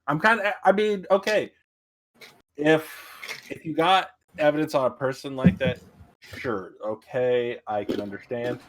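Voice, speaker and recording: A young man co-hosting a casual livestream chat. He talks at a middling pitch, swears freely and gets heated, then backs down and apologizes. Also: measured pace, crowd noise. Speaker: podcast co-host.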